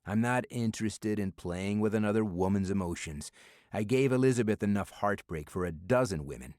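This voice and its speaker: A man's voice: lowish voice, brisk, darkish tone, no room sound, natural voice. A man voicing a reserved, weary male spy who answers in dry, understated lines.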